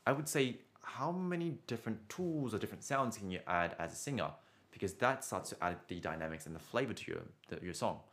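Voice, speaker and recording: Chatty male vocal coach, lowish voice. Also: lively intonation, a little fast, a bit bright. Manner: chatty and encouraging, ends points with "right?"; often restarts words. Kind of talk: casual spoken singing lesson.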